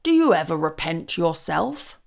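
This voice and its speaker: Woman voicing old Santa Claus, gentle, patient, calm, low gravelly voice, storybook. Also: measured pace.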